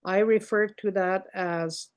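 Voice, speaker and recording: An older woman teaching a language lesson over a video call, repeating words slowly and explaining how they sound. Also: medium pitch, fairly even intonation, clean tone. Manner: slow, repeats words carefully, explaining pronunciation.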